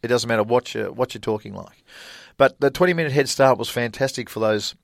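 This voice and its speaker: A man's voice: medium pitch, a little fast, creaky, dry recording, studio quality. Chatty Australian man telling stories. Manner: chatty anecdotal storyteller with frequent fillers and laughs. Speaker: guest, golfer. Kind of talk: casual storytelling interview.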